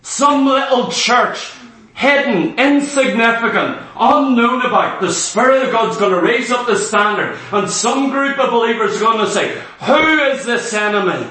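A man with a very high, bright voice preaches a sermon, stressing his points with heavy repetition. He is picked up from some way off the mic in a very echoey hall. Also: normal speed, distant mic. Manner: impassioned, emphatic preaching with repetition.

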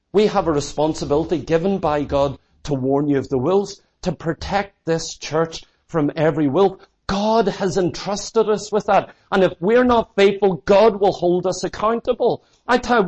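A man's voice: very high voice, poor audio. A man pastor preaching a sermon, warning his church with impassioned, repetitive urgency.

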